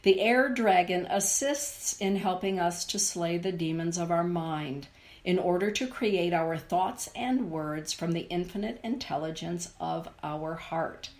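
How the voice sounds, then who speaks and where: Middle-aged woman, card reader, low voice, very slow soothing delivery. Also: darkish tone. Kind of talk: live oracle card reading to viewers.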